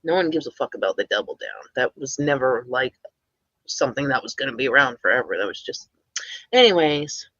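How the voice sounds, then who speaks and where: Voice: medium pitch, fast talker, pushed and bright, slightly rough, no room sound, lo-fi sound. A streamer giving casual, rambling reaction commentary, blunt and swearing often.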